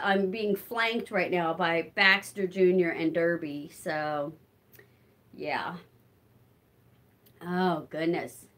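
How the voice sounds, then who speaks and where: An older woman chatting casually on a live stream while doing chores at home and reading out viewer comments. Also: medium pitch. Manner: chatty, warm toward her cats, answers viewer comments. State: winded from walking. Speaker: vlogger. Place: her home, moving between rooms.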